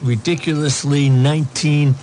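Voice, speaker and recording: A man's voice: on the high side, flat delivery, moderate pace, a little mellow. A man giving casual political commentary, reading news aloud with sarcastic asides and plenty of ums. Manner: sarcastic asides, many fillers.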